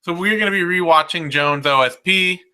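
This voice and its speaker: A man's voice: high-pitched, brisk, sharp tone, smooth. A man hosting a casual podcast chat, talking in a rambling, wry way and often restarting his sentences. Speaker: podcast host.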